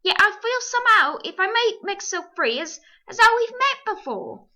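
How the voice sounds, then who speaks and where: A woman's voice: very high-pitched, sing-song, normal speed, sharp tone, dull audio, voice pushed up, full character voice. A woman voicing a humble, plain-spoken male London cabman who talks in a bashful, homely way in a storybook reading. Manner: homely, bashful, folksy speech.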